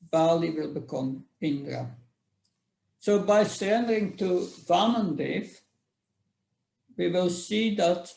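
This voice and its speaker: A man with a fairly high, deeply gravelly voice reads scripture verses and explains them at a slow, halting pace. He often breaks off mid-phrase and starts again with small fillers. The recording carries a noticeable room echo. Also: darkish tone. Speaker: scripture class speaker. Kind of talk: reading and commenting on scripture.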